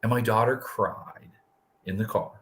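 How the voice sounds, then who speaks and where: Middle-aged male co-host, low voice, candid animated storyteller. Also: measured pace. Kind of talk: casual live-show chat.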